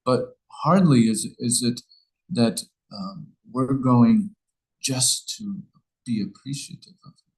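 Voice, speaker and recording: A man's voice: medium pitch, slow, rough recording. A man giving an informal scripture class, telling a story in a rambling way with many restarts.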